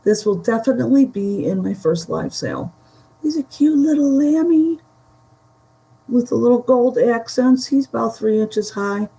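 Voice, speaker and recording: Woman, gravelly, mellow dark tone, slow halting casual chat, dry throat. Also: fairly high pitch, animated, rough recording. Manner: chatty, giggly, trails off mid-sentence. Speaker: vintage reseller showing a haul. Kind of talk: casual chat to a live audience.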